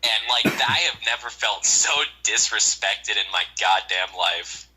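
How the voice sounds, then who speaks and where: A young man chats casually, with a husky, edgy voice that sits a little low. He tells long, rambling stories thick with swearing and filler words. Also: steady tone, a little slow, sharp tone, soft background music, low-quality recording. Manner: rambling, profane storytelling with many fillers. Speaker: storyteller on a call show. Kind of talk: casual chat.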